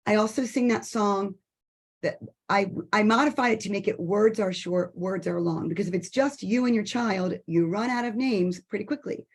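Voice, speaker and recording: A woman's voice: medium pitch, normal speed, husky. A woman educator patiently explaining early literacy activities for parents over a video call, often breaking into short sung examples.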